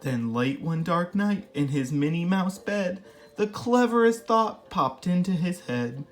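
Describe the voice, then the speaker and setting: A woman reads a children's picture book aloud at a slow, unhurried pace, gentle and expressive as a storytime host. Faint music plays softly behind her. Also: fairly low pitch.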